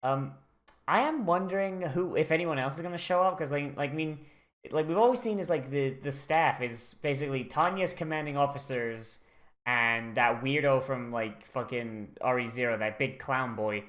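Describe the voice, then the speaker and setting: During a casual anime watch-along, a streamer rambles on with plenty of fillers and swearing. The voice is excitable, middling in pitch, and moves at a moderate pace.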